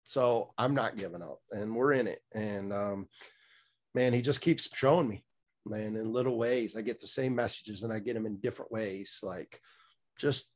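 A man's voice: fairly low pitch, normal speed. Rambling middle-aged man telling his story. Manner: rambling, many fillers and restarts, blunt and profane. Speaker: guest. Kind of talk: candid personal storytelling in conversation.

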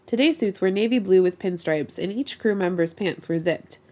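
A woman podcast host reading erotic fiction aloud with giggly, expressive storytelling. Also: medium pitch, moderate pace.

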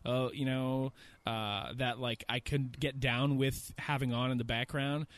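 A man's voice: mid-range voice, measured pace, dry recording. A man hosting a casual, joking gaming podcast chat. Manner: animated, joking, chatty. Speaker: podcast host.

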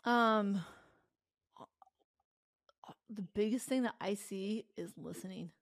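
Earnest woman guest with a gravelly voice. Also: mid-range voice, no room sound, studio quality. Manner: earnest, animated, quick bursts of laughter. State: tearful. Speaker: podcast guest, company founder. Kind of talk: candid interview conversation.

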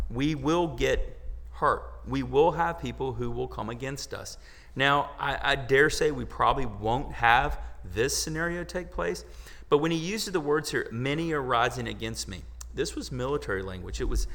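A man's voice: medium pitch, fairly bright tone. A man preaching a sermon to his congregation, talking in a conversational way with joking asides. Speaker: pastor. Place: church sanctuary. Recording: long hall reverb.

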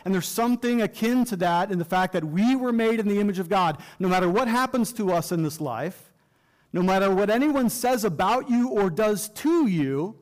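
A man preaching to a live room, earnest and deliberate, slowing down to stress key words. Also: high voice. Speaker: pastor teaching a class. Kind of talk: sermon lecture. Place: church room with audience.

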